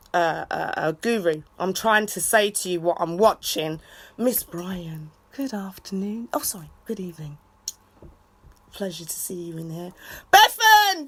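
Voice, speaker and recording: A woman ranting casually on a livestream, swearing freely and breaking off for loud shout-outs to viewers. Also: mid-range voice. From England. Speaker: livestreaming vlogger. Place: outdoors in a city.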